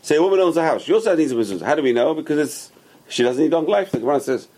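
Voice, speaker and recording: A man giving a religious Torah class, emphatic and repetitive, rising sharply on stressed words and dropping low on asides. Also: expressive, very fast, mellow. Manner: emphatic, repeats key phrases. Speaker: religious teacher.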